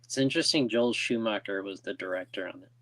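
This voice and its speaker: A man's voice: fairly low pitch, fast talker, fairly bright tone, no echo. A man co-hosting a podcast, talking hesitantly in casual chat with many ums.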